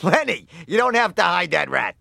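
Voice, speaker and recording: An actor voicing a gruff middle-aged male cartoon bartender with a gravelly voice. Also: high-pitched, sing-song, moderate pace, bright, forceful tone, no room sound, studio quality, heavily acted. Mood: grumbling. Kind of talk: cartoon voice acting.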